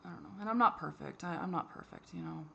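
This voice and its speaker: A woman giving a candid personal monologue for her vlog, halting and frustrated, with many restarts and fillers and the odd swear. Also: lowish voice, vocal fry, pushed and bright, dull audio, a little hiss or hum. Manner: swears when exasperated. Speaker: vlogger.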